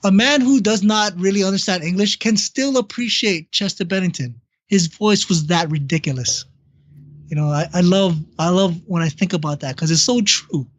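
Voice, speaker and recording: A man's voice: high voice, moderate pace, no echo. A man co-hosting a podcast, telling personal stories in a casual, blunt and profane way. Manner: blunt and profane, animated storyteller. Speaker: podcast co-host. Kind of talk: casual chat, personal storytelling. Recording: dull lo-fi, dry sound.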